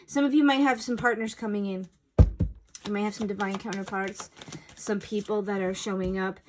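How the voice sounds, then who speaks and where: A woman talks through a spiritual message in a loose, meandering way, as if chatting with a friend. Her talk wanders and doubles back, and now and then she breaks into sudden exclaimed asides. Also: mid-range voice. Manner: rambling and conversational, with bursts of exclaimed asides. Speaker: intuitive reader giving a collective message. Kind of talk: casual spiritual guidance talk.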